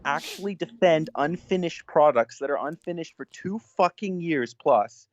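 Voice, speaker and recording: A man's voice: a little high, expressive, moderate pace, no room sound, dull audio. A man calling in, ranting angrily and swearing. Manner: angry, swearing rant. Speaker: caller.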